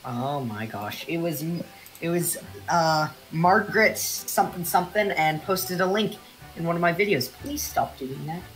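A woman playing a game with friends, tossing out playful, bossy remarks. Her voice sits a little low and moves animatedly up and down, with faint game music behind. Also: animated, moderate pace, low-quality recording. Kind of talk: casual let's-play chat.

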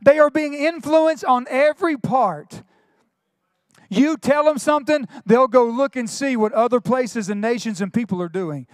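A middle-aged male pastor, preaching a sermon with quick asides and retold dialogue. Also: very high-pitched, dry recording, clean studio sound.

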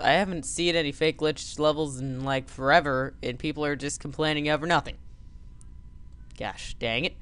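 A man's voice: medium pitch, moderate pace, a bit bright, clear, resonant tone, no room sound. A man giving goofy, joking commentary over a game he plays as host. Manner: goofy, joking, mock voices. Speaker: let's play host. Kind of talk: gaming commentary.

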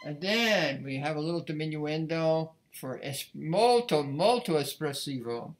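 A man's voice: on the high side, lively intonation, measured pace, over loud music. A man giving a violin lesson, talking casually and thinking aloud between passages. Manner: conversational, thinking aloud as he plays. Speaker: violin teacher. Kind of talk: music lesson. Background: faint violin playing.

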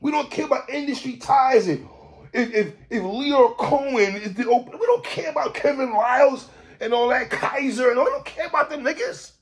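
A man hosting a podcast, ranting in animated commentary, stammering, repeating himself and shouting for emphasis. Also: very high voice, normal speed. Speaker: podcast host.

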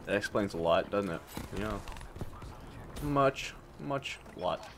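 A man's voice: fairly low pitch, expressive, slow pace, noisy background. A man giving casual, jokey commentary while playing a game, swapping swear words for mild substitutes. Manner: jokey, swaps swears for minced oaths. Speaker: gameplay commentator. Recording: loud game gunfire behind voice. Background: shooter game gunfire.

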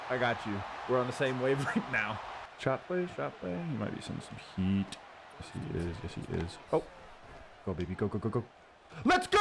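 A man hosting his gaming channel, giving casual running commentary on his own football video game and cheering loudly at big plays. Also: mid-range voice. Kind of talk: live gameplay commentary. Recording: audible background noise.

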